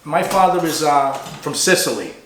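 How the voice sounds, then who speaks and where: A man with a Boston accent hosting a casual interview show, chatty and animated. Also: fairly high pitch, normal speed. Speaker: host. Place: barber shop. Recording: echoey barber shop.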